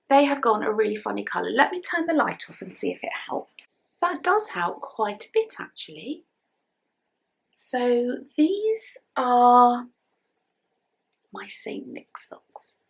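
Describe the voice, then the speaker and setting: English lady vlogging about knitting, kinda teary, gravelly voice, drops to whispers a lot. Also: fairly high pitch. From England. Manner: chatty, emotional, soft-spoken, drops to whispers. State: emotional, close to tears. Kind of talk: casual chat to camera.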